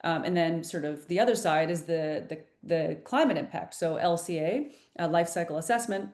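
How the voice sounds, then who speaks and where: Vrouw met lage stem presenteert webinar, galmende ruimte. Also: female voice, lowish voice, normal speed, darkish tone, echoey room. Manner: explanatory, many fillers and restarts. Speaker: program presenter.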